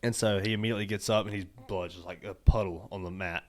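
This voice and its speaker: Man, podcast co-host, animated storyteller, swears a lot, does loud voices for others. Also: fast talker. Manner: animated storyteller, acts out quoted people in loud high bursts, swears freely. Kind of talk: casual storytelling chat.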